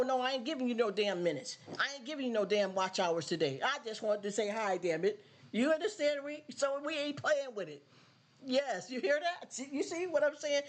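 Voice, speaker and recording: A woman hosting her own live stream, talking casually and bluntly, scolding her viewers and repeating phrases for emphasis. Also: fairly high pitch.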